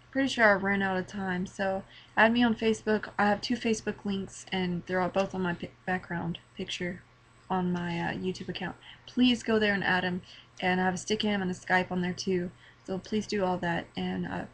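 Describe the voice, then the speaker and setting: A teenage girl giving an earnest, halting personal testimony to her webcam, emotional and near tears, often repeating words. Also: medium pitch, fairly even intonation, low-quality recording. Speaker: vlogger. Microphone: webcam mic.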